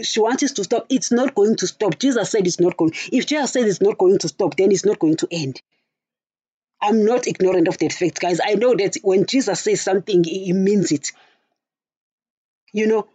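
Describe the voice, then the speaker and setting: A woman's voice: medium pitch, mellow, husky, no echo. A woman hosting a religious podcast, speaking angrily and repeating herself as she talks to her listeners. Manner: angry, repetitive, addresses listeners as guys. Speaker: podcast host. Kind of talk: impassioned religious podcast monologue.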